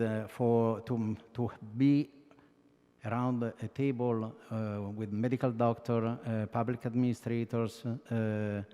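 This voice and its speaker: A man with an Italian accent giving an unscripted comment to students on a video call, halting with many fillers. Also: medium pitch, warm tone. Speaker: academic society president giving a comment. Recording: long reverb.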